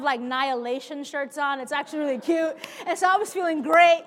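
A woman preacher telling a personal story in a sermon, animated and speaking to her listeners directly as friends. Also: high-pitched, fairly quick, hardly any pauses. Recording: long hall reverb.

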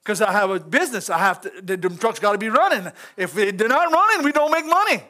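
A middle-aged male pastor with a strikingly high, bright voice leads an informal church sermon, talking straight to the congregation in the pews. His delivery is folksy and chatty, sprinkled with chuckles, with a sing-song lilt, a quick pace, and a forceful tone.

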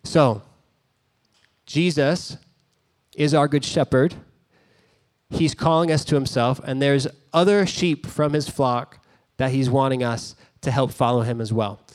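A man's voice: medium pitch, darkish tone. A man preaching a sermon as a pastor, telling a story in a conversational way with casual asides.

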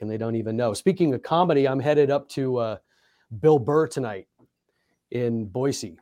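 A man's voice: medium pitch, normal speed, warm tone, no echo. A middle-aged man, a basketball coach, co-hosting a casual sports podcast with a laid-back, laughing manner.

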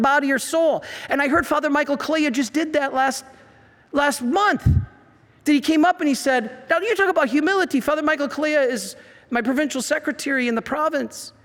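A man, a priest giving an animated talk full of stories and acted-out quotes. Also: extremely high pitch, a little fast. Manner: animated storyteller, acts out quotes. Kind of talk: preaching talk. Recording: reverberant hall.

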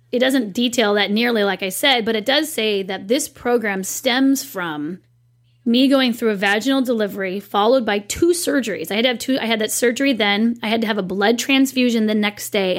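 In a casual interview, a guest who runs her own company recounts something from her life with chatty enthusiasm. She's in her thirties, and her pitch is medium.

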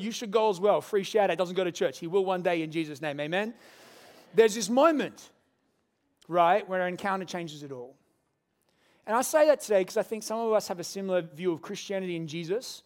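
A young adult man, a pastor preaching a sermon and telling a story with humorous asides. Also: sits high.

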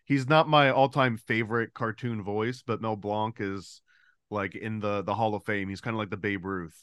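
A man's voice: lowish voice, steady tone, normal speed, fairly bright tone, clean tone, dry recording. A man guest on a podcast, chatting casually and explaining his thoughts at length. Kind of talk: casual chat.

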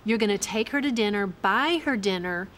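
A woman's voice: medium pitch, lively intonation, normal speed. Middle-aged woman guest, easy conversational storyteller, slight background hiss. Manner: warm storyteller, acts out family dialogue. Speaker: guest, co-author of a parenting book.

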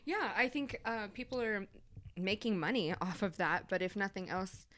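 A woman's voice: mid-range voice, normal speed, fairly bright tone. A woman guest on a podcast, a chatty storyteller who laughs easily. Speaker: podcast guest, merch designer. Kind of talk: casual chat.

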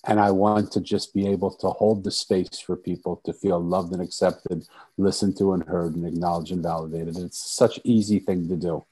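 Deep, mellow-voiced man telling stories. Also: steady tone, moderate pace, husky, poor audio. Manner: earnest, repetitive restarts, soft-spoken. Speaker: podcast guest. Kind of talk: storytelling in conversation.

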